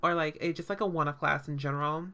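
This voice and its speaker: A woman's voice: low voice, fairly even intonation, fast talker, sharp tone. A woman hosting a podcast, recapping a show in casual, sarcastic chat full of fillers and swearing.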